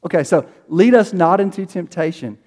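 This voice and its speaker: A male pastor with a high voice preaches in a loose, conversational way, slipping into voices for prayers and quotes. His voice rings with the long reverb of a big room. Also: lively intonation, normal speed, darkish tone. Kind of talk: sermon.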